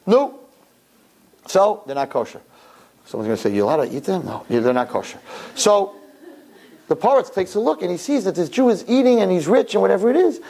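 A man telling religious stories in an animated sermon, often repeating his phrases. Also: high-pitched, a little fast, creaky. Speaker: religious storyteller. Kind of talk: sermon storytelling.

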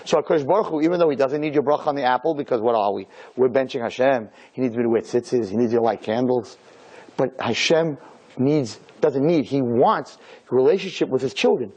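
A man who is a rabbi, giving a lively Torah lecture to a group, acting out little dialogues and firing off rhetorical questions. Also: mid-range voice, brisk, slightly rough.

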